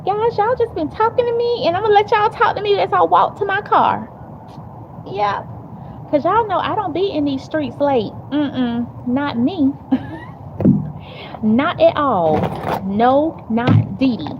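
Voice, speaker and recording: High-pitched and lively yet unhurried, a woman hosts a relaxed livestream on a handheld phone as she walks outside to her car. She chats with viewers, reads their messages, and laughs and uses fillers often. The sound is dull phone audio mixed with outdoor noise.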